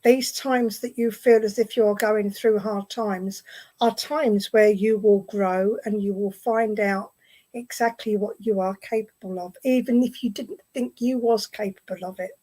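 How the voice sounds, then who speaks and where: A woman with an English accent giving a clairvoyant message at a spiritualist service, gently reassuring and often repeating her phrases. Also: mid-range voice, low-quality recording. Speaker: medium. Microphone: online video stream.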